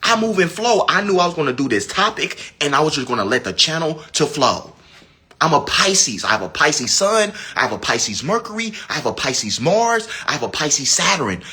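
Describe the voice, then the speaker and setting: A man giving a casual spiritual talk, dramatic and animated, sometimes dropping to a low hush. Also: moderate pace, husky. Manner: animated, dramatic swings from loud high to low hushed. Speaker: spiritual teacher.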